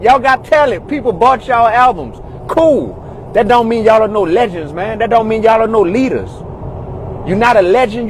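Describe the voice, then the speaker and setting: A man's voice: very high voice, a little hiss or hum, low-quality recording. Exasperated man ranting from his car. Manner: exasperated, repeats "God, dog, bro". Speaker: commentator in a social media video. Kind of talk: heated rant.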